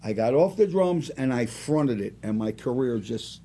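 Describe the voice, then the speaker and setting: A man around seventy, a singer and restaurant owner, telling rambling, animated stories as a guest in a casual interview. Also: mid-range voice, moderate pace. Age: about 70.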